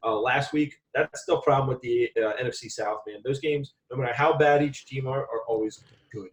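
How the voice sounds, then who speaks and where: A man's voice: medium pitch, brisk, rough recording. A young man co-hosting a casual sports talk show, joking and rambling as he argues over calls and picks. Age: young adult. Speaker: co-host.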